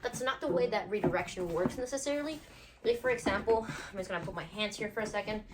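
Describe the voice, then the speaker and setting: A woman dog trainer talks viewers through puppy play in a relaxed, practical way, stopping now and then to praise her dog. Her voice sits at a middle pitch. Faint noise runs behind her at home. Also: fast. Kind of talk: casual instructional video.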